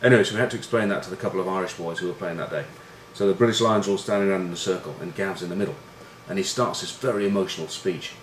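Ex rugby guy rambling and swearing, lowish voice, echoey room with a bit of hiss. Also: steady tone, very fast, hardly any pauses. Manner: swearing, self-deprecating, rambling with fillers. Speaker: former rugby player and pundit. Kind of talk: casual storytelling. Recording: roomy room echo with faint noise.

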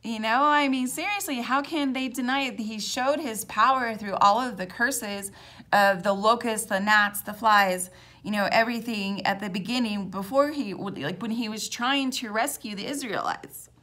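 A woman giving an earnest, casual Bible study, reading scripture aloud and reflecting in a halting way, with many fillers and restarts. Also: mid-range voice, pushed and bright. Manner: reads scripture aloud between personal reflections. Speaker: Bible teacher.

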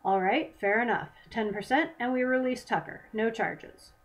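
A woman's voice: fairly high pitch, normal speed, lightly acted, low-quality recording. A scheming lawman corporal, smug and mocking, voiced by a woman reading her novel. He haggles slyly and sneers at his rivals. It sounds like a storybook read aloud. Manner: mocking, sly bargaining.

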